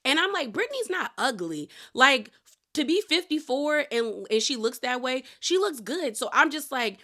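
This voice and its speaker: Bright-voiced woman recapping reality TV. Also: sits high, very animated, moderate pace. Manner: chatty, opinionated, slangy, addresses people as "girl". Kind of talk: casual TV recap commentary.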